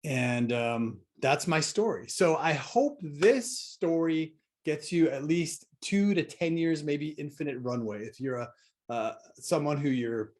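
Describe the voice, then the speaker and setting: A man's voice: fairly high pitch, measured pace. A middle-aged man telling a personal story in a casual vlog, wry and exasperated, with sarcastic asides. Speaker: vlogger.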